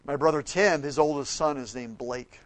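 A man preaching a sermon, telling stories with acted-out quotes and swinging between loud outbursts and soft, quiet passages. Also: medium pitch, normal speed.

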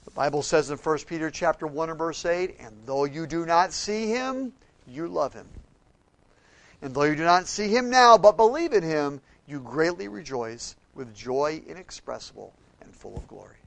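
A man preaching a sermon, telling stories with acted-out quotes and swinging between loud outbursts and soft, quiet passages. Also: fairly high pitch, expressive, moderate pace, gravelly.

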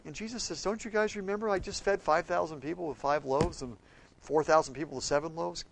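A man preaching a sermon, telling stories with acted-out quotes and swinging between loud outbursts and soft, quiet passages. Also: fairly high pitch, a little fast, vocal fry.

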